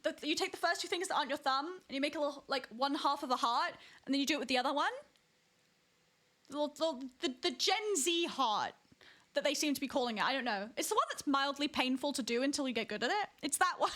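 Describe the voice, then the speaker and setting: A woman chats to her stream viewers from her room, her voice high and swooping with lively ups and downs. She rambles, restarts her sentences and giggles often. The tone stays casual and conversational throughout. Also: quick pace. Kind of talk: casual live-stream chat.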